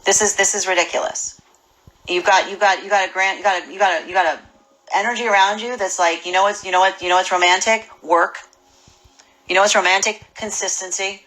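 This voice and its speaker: A woman giving a casual spoken tarot reading, animated and full of restarts and repeated words. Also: medium pitch, brisk, poor audio. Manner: acts out imagined people's voices. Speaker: tarot reader.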